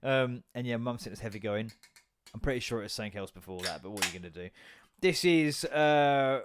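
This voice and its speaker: A young man hosting his own podcast, rambling and joking with lots of swearing and sudden loud bursts. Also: mid-range voice, a little fast, slight background noise. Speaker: podcast host. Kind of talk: casual solo podcast rant.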